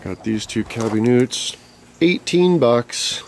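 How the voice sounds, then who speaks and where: A man in casual vlog mode, talking at a middle pitch and cursing his way through an exasperated story. He sounds like he's mid-renovation in a trailer, with faint noise in the background. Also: expressive, slow. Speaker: vlogger. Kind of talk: casual chat while renovating.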